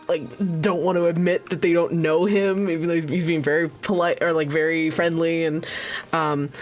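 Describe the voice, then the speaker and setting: A woman narrating as game master, rambling with many restarts and laughs. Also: fairly low pitch. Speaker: dungeon master. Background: faint music.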